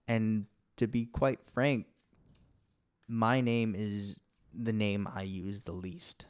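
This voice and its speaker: A man's voice: on the low side, steady tone, slow, clear, resonant tone. A man, a guest actor on a podcast, chatting casually, laughing often and using lots of fillers. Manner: laid-back, laughs often, many fillers.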